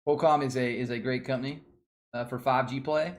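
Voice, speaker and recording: A man's voice: medium pitch, steady tone, brisk. A man from Nashville with a Southern twang, hosting a casual live stream and thinking aloud in a rambling, slangy way. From Nashville, Tennessee. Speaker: stock stream host.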